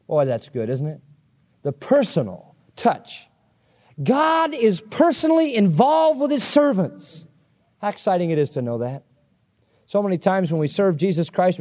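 Brief: male preacher, high-pitched, animated and emphatic, chatty sermon delivery. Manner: animated, emphatic, conversational storytelling. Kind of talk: expository sermon.

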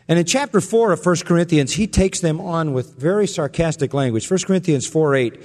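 A man's voice: fairly high pitch, normal speed, a little mellow, long reverb tail. A man preaching an expository sermon, emphatic and sarcastic, building in intensity as he drives his points home. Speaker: pastor.

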